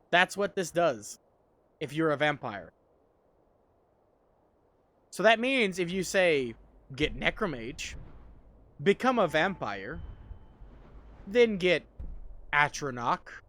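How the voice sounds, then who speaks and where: A sleepy man casually chatting while streaming a game, rambling and swearing freely. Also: fairly high pitch. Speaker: gaming streamer. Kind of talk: casual game livestream chat.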